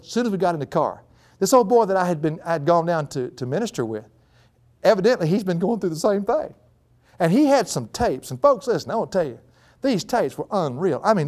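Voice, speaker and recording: A man preaching a sermon, folksy and animated, climbing to high excited peaks.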